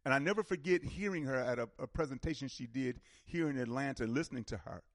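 A man's voice: mid-range voice, expressive, fast, no echo, clean studio sound. A man hosting a call-in radio talk show, speaking emphatically and animatedly, often repeating words as he builds a point.

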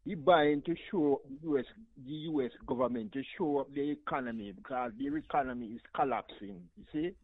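A man's voice: mid-range voice, a little fast, few pauses, dry recording. A Jamaican man calling in to a radio talk show, speaking in a passionate, rambling patois over a phone line. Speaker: caller.

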